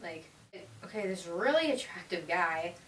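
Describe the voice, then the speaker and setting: A woman's voice: fairly low pitch, animated, unhurried, fairly bright tone. A teenage girl reviewing a movie in a chatty, gushing way, with lots of "like". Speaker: vlogger. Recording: roomy, distant mic, faint hiss.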